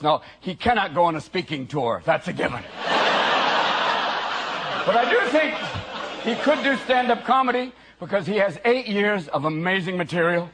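High-voiced man doing rowdy stand-up. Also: sing-song, moderate pace. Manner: high-energy, shouting, mocking. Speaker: stand-up comedian. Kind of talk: live stand-up set. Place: large live venue with audience. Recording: loud crowd in noisy live venue.

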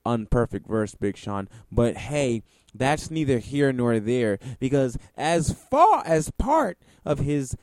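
A man's voice: mid-range voice, very animated, slow pace, darkish tone, dry recording, clean studio sound. A man giving ranting commentary on music, sarcastic, profane and exasperated.

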